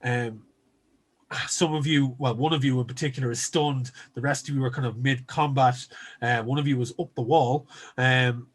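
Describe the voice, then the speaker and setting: A man with a steady, slightly rough mid-range voice hosts and runs a tabletop game at a moderate pace. As game master, he narrates and chats casually in a loose style packed with ums.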